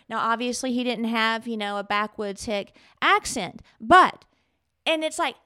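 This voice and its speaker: A woman co-hosting a podcast, retelling a story in an animated, emphatic way. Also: fairly high pitch, unhurried, clear, resonant tone. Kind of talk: casual conversation, storytelling.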